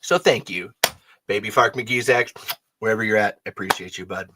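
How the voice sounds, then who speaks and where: A man hosting a fan show in casual, rambling chat, excitable and profane. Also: on the low side, brisk, background noise.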